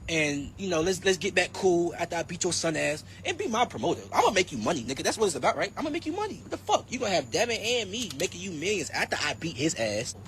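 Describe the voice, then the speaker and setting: A man's voice: sits high, sing-song, fast talker, hardly any pauses, fairly bright tone, a little hiss or hum. A young man in his twenties, a boxer, talking boastfully with a lot of swearing and mockery. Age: 20s. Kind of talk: heated interview clip.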